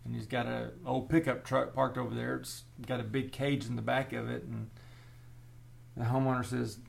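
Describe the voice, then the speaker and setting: A man's voice: mid-range voice, level tone, moderate pace, vocal fry. A man telling a long joke in a rambling, folksy way. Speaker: storyteller.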